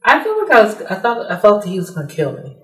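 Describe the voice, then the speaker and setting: A woman giving personal testimony in a soft, hesitant way, with many fillers, acting out the lines of others as she recounts. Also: mid-range voice, huge pitch swings, fast talker. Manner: acts out quoted dialogue. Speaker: interviewee. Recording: roomy, mic at a distance.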